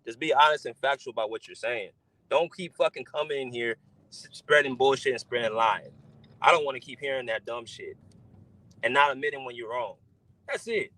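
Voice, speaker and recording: A man's voice: medium pitch, a little fast, pushed and bright, poor audio. Frustrated man scolding on a podcast. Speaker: podcast co-host. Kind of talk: heated podcast rant.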